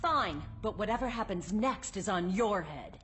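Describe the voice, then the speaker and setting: A woman's voice: mid-range voice, animated, moderate pace, fairly bright tone, lightly acted. Argenta, a woman playing a haughty silver dragon. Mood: impatient. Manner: cold, scornful, condescending. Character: haughty dismissive female silver dragon warrior. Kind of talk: game cutscene voice acting. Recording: game audio with music behind.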